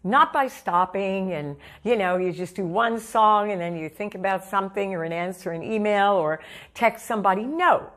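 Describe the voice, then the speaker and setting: A woman's voice: medium pitch, moderate pace, a bit bright. A seasoned woman vocal coach giving emphatic, repetitive stage-performance advice straight to the viewer. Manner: emphatic, repeats key points, calls the listener honey. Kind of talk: direct-to-camera vocal coaching talk.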